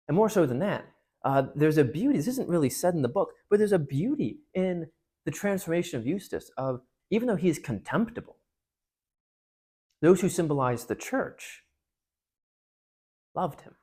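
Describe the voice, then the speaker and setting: A man's voice: on the high side, sing-song, fairly quick, darkish tone, husky. A man giving a casual talk that retells and analyzes a book, speaking conversationally with frequent restarts. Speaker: parish speaker on literature.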